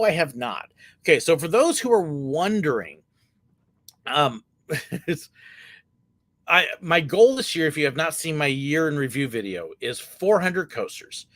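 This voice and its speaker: A middle-aged man chatting through viewer questions on a livestream. His voice is fairly high and very lively, and it swings up and down as he talks. The sound is dry and close, with no room echo. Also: moderate pace. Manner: chatty, candid, frequent filler words. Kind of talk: casual live Q&A chat.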